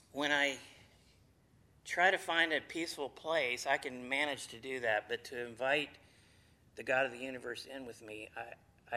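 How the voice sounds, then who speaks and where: A man's voice: medium pitch, sharp tone. A man giving an informal Bible lesson, folksy and chatty, with playful asides to his listeners. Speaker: Bible teacher. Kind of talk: informal sermon to a group.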